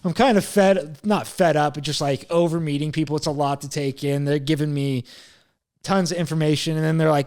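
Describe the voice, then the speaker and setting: A man's voice: fairly high pitch, fairly even intonation, fairly quick, a little mellow. A young man hosting a podcast, rambling through a story in casual chat, swearing often and quoting himself. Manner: rambling, swears a lot, quotes himself, laughs at himself. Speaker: podcast host.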